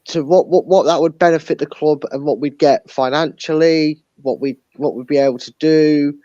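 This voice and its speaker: A man with a fairly high voice talks football as a guest on a video call. He rambles and restarts his sentences as he works through a point. The audio is dull and muffled, with no room sound. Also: steady tone, normal speed, warm tone, no echo. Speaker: guest pundit. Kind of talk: casual football chat.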